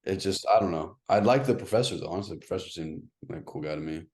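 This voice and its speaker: A man's voice: low voice, quick pace, darkish tone. A young man co-hosting a comedy show, giving casual feedback in a hesitant, hedging way that often trails off.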